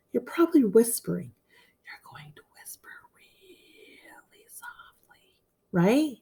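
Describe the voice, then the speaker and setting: A woman teacher giving a recorded lesson to first graders, slow and encouraging, repeating key phrases. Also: on the high side, gravelly. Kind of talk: recorded lesson for young children.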